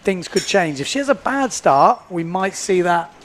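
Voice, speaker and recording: A man's voice: high voice, animated, moderate pace, a bit bright, slight background noise. A man commentating live at a sports event, chatty and upbeat, often repeating himself as he thinks aloud. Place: indoors at a beachside event.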